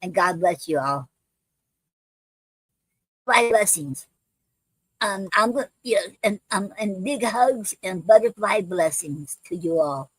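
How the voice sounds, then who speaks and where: A woman's voice: mid-range voice, expressive, slightly rough, no echo, rough recording. Woman hosting a poetry stream, lots of ums and restarts, fond of her viewers, dry close sound. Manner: halting and repetitive, with many ums and restarts; affectionate toward viewers, calls them fam. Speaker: poetry livestream host. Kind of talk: casual livestream sign-off.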